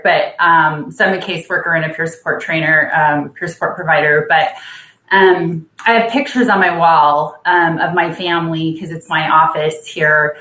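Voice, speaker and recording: A woman working as a caseworker and peer support trainer, sharing in a halting way with many fillers and soft laughs from her office on a video call. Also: lowish voice, echoey room, rough recording. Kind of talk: sharing in an online group session.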